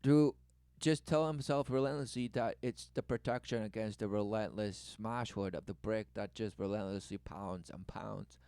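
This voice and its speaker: A man's voice: lowish voice, fairly even intonation, moderate pace, few pauses, a little mellow, clear, resonant tone, no echo. A man giving rambling spoken commentary, free-associating and circling back to the same words. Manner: repetitive, free-associating, says "relentlessly" a lot; mimics others in a raised voice when quoting them.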